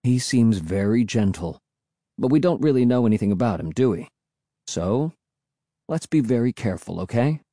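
A man voicing a calm, thoughtful father who speaks softly. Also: medium pitch, no room sound, studio quality, lightly acted. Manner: soft, measured.

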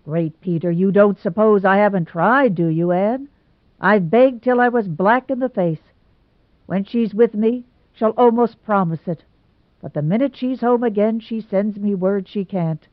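A woman's voice: mid-range voice, a little slow, no room sound, natural voice. A woman voicing a gloomy, lovesick young man, earnest and emphatic as he pours out his woes. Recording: tinny phone-like sound, dry.

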